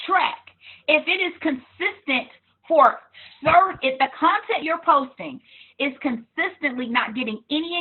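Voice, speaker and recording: A woman business coach giving a blunt, animated motivational talk on selling through social media, sometimes hollering with laughter. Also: high voice. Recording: tinny phone-like sound.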